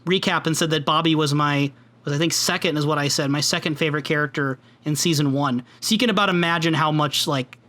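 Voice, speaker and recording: A man co-hosting a podcast, chatting casually with a raised, tense, bright tone. He laughs easily and drops into little performed quotes as he talks. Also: on the high side, fast talker. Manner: laughs often and acts out quoted lines. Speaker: podcast co-host.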